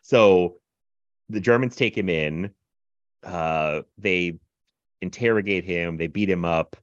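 A man casually reviewing a film in animated, rambling podcast chat, full of fillers and laughs. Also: low voice, takes it slowly, no room sound, highs cut off. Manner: animated, filler-heavy retelling with laughs and mimicry.

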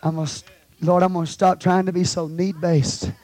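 A pastor with a drawl leading a sermon, preaching in call-and-response and moving between hushed prayer and loud exhortation. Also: male voice, high-pitched, level tone, fairly quick. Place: church sanctuary.

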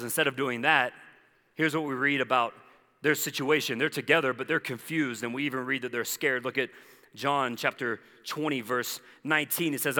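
Male pastor, bright and forceful, animated conversational preaching, echoey hall. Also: mid-range voice. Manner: animated storytelling with conversational asides. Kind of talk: sermon.

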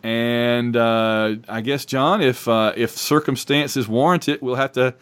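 This is a man co-hosting a casual sports podcast. His voice sits mid-range for a man. He rambles excitably and keeps interrupting his own sentences. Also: medium pitch, a little slow, smooth. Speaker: podcast co-host.

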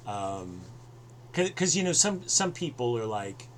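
A man's voice: mid-range voice, big pitch swings, a little slow, a little hiss or hum. A man hosting a podcast over a video call, rambling with many fillers and restarts. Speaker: podcast host.

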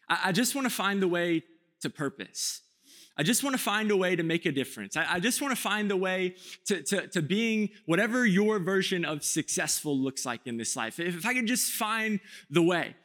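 Pastor, man, 30s, high-pitched, joking storyteller preaching a sermon. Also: fairly bright tone. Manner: joking, self-mocking storytelling with acted-out quotes.

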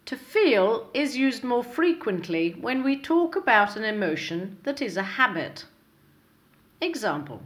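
A woman hosting an English lesson podcast, speaking slowly and clearly from a script, with exaggerated intonation in her examples. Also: fairly high pitch, sing-song. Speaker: English teacher, podcast host.

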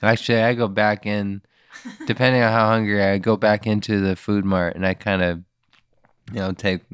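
Man, tabletop game player, hesitant, stammering, fillers, lowish voice, dry sound. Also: flat delivery, moderate pace, clear, resonant tone, no echo. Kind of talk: improvised tabletop game play.

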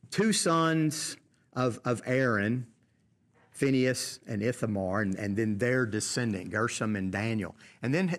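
A man's voice: mid-range voice, fairly bright tone. Male Bible study leader, conversational, questions the group, frequent restarts. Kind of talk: casual Bible study discussion.

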